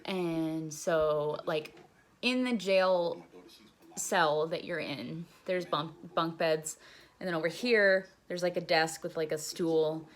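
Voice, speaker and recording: Speaking slowly in a low-pitched voice, a young woman casually relates the story of being locked up. She wanders from point to point, curses a lot, and leans heavily on "like."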